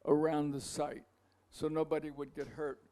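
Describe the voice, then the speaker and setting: A man giving a masterclass, telling a long anecdote in a rambling, halting way, with asides to the audience. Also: a little high, little pitch movement, warm tone. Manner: halting, many restarts and fillers. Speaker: masterclass speaker.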